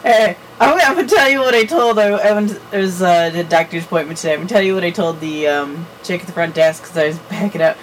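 A young woman co-hosting a podcast, telling stories in a chatty, giggly, animated way. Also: fairly low pitch, fast talker, few pauses, distant mic, a little hiss or hum, low-quality recording. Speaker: podcast co-host. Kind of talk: casual chat.

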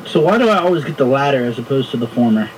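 A man's voice: medium pitch, very animated, rapid-fire, distant mic, a little hiss or hum, rough recording. A man co-hosting a podcast, trading joking, teasing banter. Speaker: podcast co-host. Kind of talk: casual chat.

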